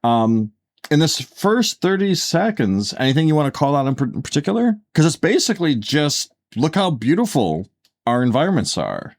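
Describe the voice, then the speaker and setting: A man's voice: a little high, big pitch swings, normal speed. Rambling casual podcast co-host, man. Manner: rambling, filler-heavy, self-correcting. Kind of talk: casual chat.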